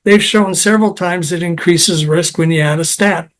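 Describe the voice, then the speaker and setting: A man's voice: high-pitched, steady tone, moderate pace. A man being interviewed as a health science expert, talking in a digressive way and mixing anecdotes with technical detail. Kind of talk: conversational interview.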